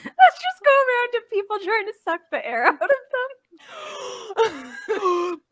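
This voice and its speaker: A woman's voice: very high voice, big pitch swings, unhurried, a bit bright, no echo. A woman co-hosting a casual podcast chat over drinks, joking and giggling as she explains the rules of a game. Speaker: podcast co-host.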